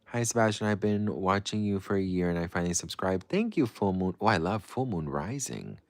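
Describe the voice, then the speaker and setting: A man's voice: low-pitched, very animated, fairly quick, no room sound. A man hosting a livestream who reads out viewer comments and answers them in a playful, dramatic, gushing way. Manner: playful and dramatic, swings between breezy and gushing. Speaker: livestream host. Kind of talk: casual livestream chat reading comments.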